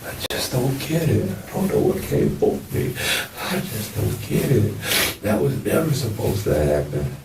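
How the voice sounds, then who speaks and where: Gravelly remorseful man in an echoey room. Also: lowish voice, sing-song, normal speed, hardly any pauses. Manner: remorseful, keeps repeating "man" and "come on". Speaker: murder suspect in interrogation. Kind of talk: police interrogation footage. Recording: echoey room, mic far off, faint hiss.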